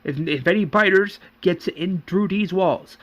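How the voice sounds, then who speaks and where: A man's voice: high-pitched, measured pace, fairly bright tone, dull audio, voice pushed up. A man voicing a commanding male town leader who gives curt, bossy orders.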